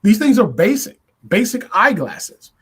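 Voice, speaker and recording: A man with a fairly high voice talks through his views as the host of a podcast. He speaks deliberately, stacking up repeated phrases and rhetorical questions to drive each point home. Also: big pitch swings, slightly rough. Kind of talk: political commentary monologue.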